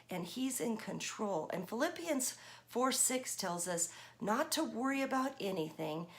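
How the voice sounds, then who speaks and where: A woman in her fifties, a children's pastor, reading a picture book aloud and asking the kids questions. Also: mid-range voice. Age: 50s.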